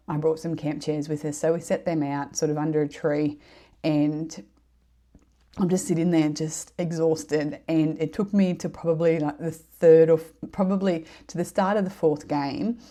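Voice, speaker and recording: Middle-aged woman, low voice, warm and mellow, casual rambling storytelling, fillers and giggles. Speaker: podcast host.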